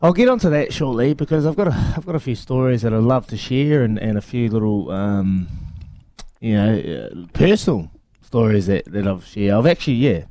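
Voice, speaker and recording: Mellow-voiced New radio co-host. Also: male voice, lowish voice, animated, moderate pace, no room sound. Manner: earnest, rambling, many restarts. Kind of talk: casual radio chat.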